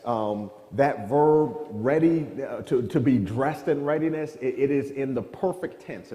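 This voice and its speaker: A man's voice: medium pitch, mellow. Man teaching a Bible class in an echoey church. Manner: questioning, draws on the class, restarts phrases. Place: church classroom with long reverb.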